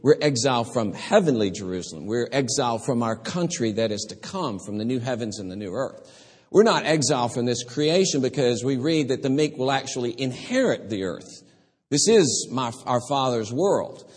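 A man's voice: medium pitch, lively intonation, moderate pace, a little mellow, slightly rough, in a large hall. A man preaching a sermon, earnest and storytelling, often restarting his phrases.

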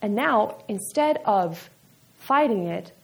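A woman's voice: mid-range voice, animated, slow pace, vocal fry. A woman giving a candid, conversational personal testimony at a church event, with frequent fillers.

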